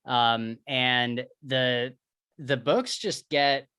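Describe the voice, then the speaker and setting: A man co-hosting a podcast chats eagerly about books, filling his sentences with casual fillers. His voice sits at an ordinary middle pitch. The recording is close and dry, with no room sound. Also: extremely slow, sharp tone, clean tone, dry recording. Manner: chatty, enthusiastic, many fillers. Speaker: podcast co-host. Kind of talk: casual book chat.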